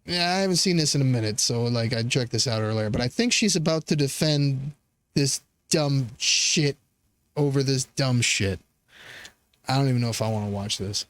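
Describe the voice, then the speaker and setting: A man's voice: medium pitch, expressive, normal speed. A man hosting a commentary show, reacting to political clips in a profane, sarcastic, rambling rant full of restarts.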